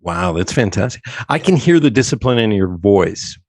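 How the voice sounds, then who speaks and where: A man from South Central Pennsylvania hosting a casual podcast interview, chatty and quick to laugh. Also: fairly low pitch, big pitch swings, no room sound. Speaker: podcast host.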